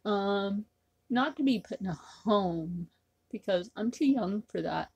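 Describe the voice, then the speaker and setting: Slow, husky-voiced woman rambling to camera. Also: medium pitch, animated, a little mellow. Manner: rambling, repetitive, with many fillers. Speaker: vlogger. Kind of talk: casual talk to camera.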